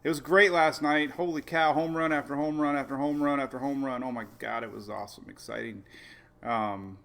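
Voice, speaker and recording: A middle-aged man hosting a casual weather livestream, rambling excitedly and laughing often. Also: mid-range voice, brisk, vocal fry. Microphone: phone or webcam on a live video stream.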